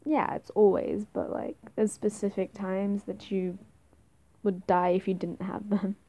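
A woman's voice: mid-range voice, little pitch movement, a little slow, warm tone. A young woman playing an affectionate, playful girlfriend in an audio role-play, giggling, teasing and stumbling over her words.

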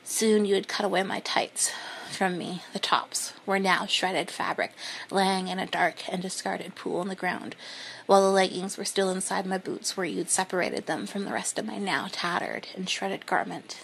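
Whispering woman with a gravelly edge. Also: medium pitch, a little hiss or hum. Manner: soft, breathy, unhurried delivery. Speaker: narrator. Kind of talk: whispered first-person story reading.

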